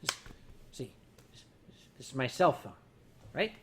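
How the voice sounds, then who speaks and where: Older guy streaming with a drink in hand, rambly stories, gets loud on the punchlines. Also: mid-range voice, very animated, measured pace, slight background noise. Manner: rambling, self-mocking, loud bursts on punchlines. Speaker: livestream host. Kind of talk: casual storytelling to a chat.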